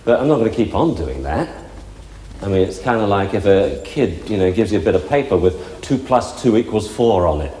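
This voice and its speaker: A man's voice: on the low side, very animated, fairly quick, dark tone, slight background noise. A man working as a dog trainer, explaining step by step in a chatty way during a live demonstration with several dogs. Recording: echoey hall with faint ambience.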